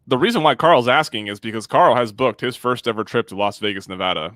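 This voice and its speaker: A man's voice: medium pitch, quick pace, fairly bright tone, dry recording, clean studio sound. A man hosting a live stream, chatting easily and laughing along with his guests. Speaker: host. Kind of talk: casual chat on a live stream.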